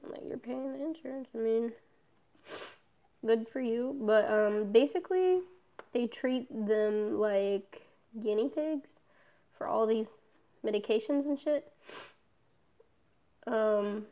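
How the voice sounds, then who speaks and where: A woman's voice: on the high side, lively intonation, slow, pauses often, muffled recording. A young woman in a casual personal vlog, talking candidly, swearing often and trailing off with fillers. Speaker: vlogger.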